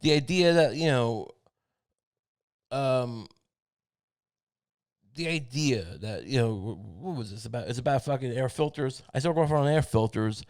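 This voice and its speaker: A man's voice: mid-range voice, unhurried, pauses often, a little mellow, no room sound, clean studio sound. A man hosting a comedy podcast, ranting in a profane, rambling way full of restarts. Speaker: podcast host. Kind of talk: casual comedic rant.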